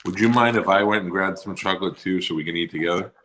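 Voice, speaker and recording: A man's voice: low voice, fast talker, fairly bright tone, slight background noise. A man co-hosting a podcast in casual, profane, rambling chat full of jokes. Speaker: podcast co-host.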